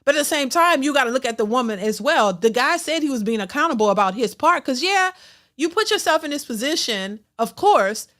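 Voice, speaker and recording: High-voiced woman giving opinionated reaction commentary. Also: lively intonation, brisk, fairly bright tone. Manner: opinionated, frequent restarts and stammers. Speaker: reaction channel host.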